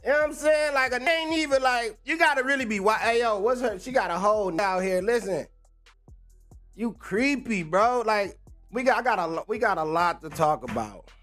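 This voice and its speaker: A man's voice: high-pitched, lively intonation, normal speed, a bit bright, soft background music. A young man, ranting casually on a livestream, slangy and laughing often. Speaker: livestream host.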